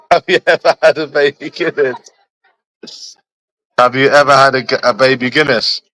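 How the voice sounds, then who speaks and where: A man's voice: mid-range voice, normal speed, long pauses, pushed and bright, poor audio. A young man, chatting casually with friends in repetitive, laughing, slangy banter. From London. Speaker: streamer.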